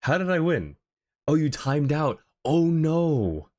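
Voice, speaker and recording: A man's voice: on the high side, very animated, slow, darkish tone. A man streaming a game in casual chat, effusively thanking viewers and laughing often. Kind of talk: casual live-stream chat while gaming.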